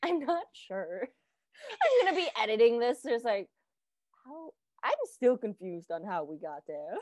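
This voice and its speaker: A woman's voice: fairly high pitch, sing-song, unhurried, a little mellow, dry recording. A young woman co-hosting a casual podcast, joking and laughing a lot as she talks. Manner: joking, chaotic, frequent laughter. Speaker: podcast co-host. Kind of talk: casual chat.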